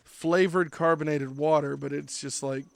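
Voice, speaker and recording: A man's voice: a little high, fairly even intonation, normal speed, creaky, a little hiss or hum. A young man streaming a game, chatting casually and joking with lots of fillers. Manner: rambling, joking, many fillers.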